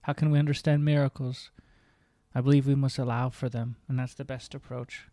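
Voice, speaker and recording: Earnest male host reading his memoir, even delivery, dry close sound. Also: medium pitch, fairly quick, no room sound. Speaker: podcast host.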